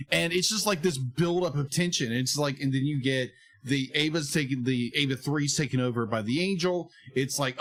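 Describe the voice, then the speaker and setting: A man's voice: on the high side, normal speed, few pauses, a bit bright. A man co-hosting a casual podcast review, rambling and retelling scenes. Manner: rambling, heavy on "be like" fillers. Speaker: podcast co-host.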